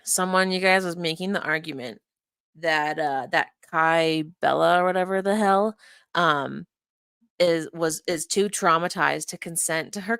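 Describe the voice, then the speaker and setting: Rambling woman streamer with a low voice. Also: fairly bright tone, clear, resonant tone, no echo, clean studio sound. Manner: rambling, swears freely, mutters to herself while searching. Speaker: streamer reviewing a live stream. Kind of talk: casual livestream chat. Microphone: desk microphone.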